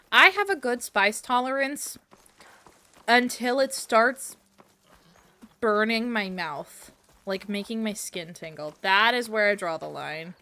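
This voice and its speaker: A woman's mid-range voice sounds pushed and bright as she streams as a VTuber. She keeps up casual, playful chatter while playing, hopping between topics and responding to the game.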